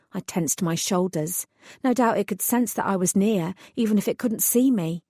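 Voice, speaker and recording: A woman's voice: mid-range voice, mellow, no room sound. A woman narrating a first-person fantasy audiobook in a dry, composed way.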